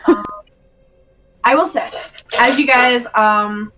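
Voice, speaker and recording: Game master, woman, hesitant and giggly narration, higher pitch. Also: takes it slowly, sharp tone, soft background music, poor audio. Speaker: dungeon master.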